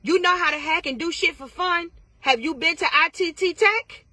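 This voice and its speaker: A woman's voice: very high voice, normal speed, pushed and bright, no room sound. A woman tarot reader giving blunt, profane advice in a casual vlog, firing off repeated questions.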